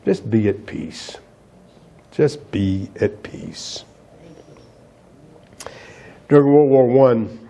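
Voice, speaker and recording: A man's voice: medium pitch, warm tone. A man preaching a sermon as pastor, emphatic and asking the congregation rhetorical questions.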